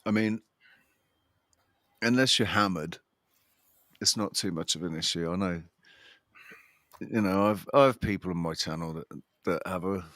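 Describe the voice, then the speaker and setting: A man's voice: low voice, measured pace, long pauses, a bit bright, no echo, clean studio sound. A man hosting a livestream in casual chat, rambling and restarting his sentences, with a chuckling laugh. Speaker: livestream host.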